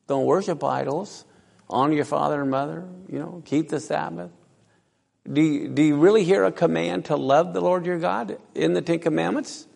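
The sermon comes from a man with a fairly high, creaky, somewhat mellow voice. He questions his listeners and reads scripture aloud, his words echoing with long reverb in the hall.

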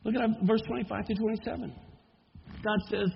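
Gravelly high-voiced man preaching scripture. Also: steady tone, in a large hall, highs cut off, a little hiss or hum. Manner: reads scripture aloud slowly, rising to emphatic proclamation. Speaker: Messianic Bible teacher. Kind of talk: sermon.

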